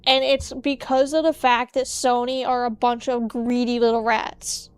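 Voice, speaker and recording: Female streamer, unhurried casual chat, smooth clear voice, opinionated and playful. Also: a little high, level tone, no room sound. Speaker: VTuber streamer.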